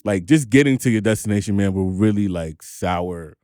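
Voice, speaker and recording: A man's voice: on the low side, normal speed, darkish tone, clean tone, dry recording, studio quality. A man hosting a podcast, telling stories in a casual, laid-back way with frequent laughs. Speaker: podcast host. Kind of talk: casual group chat.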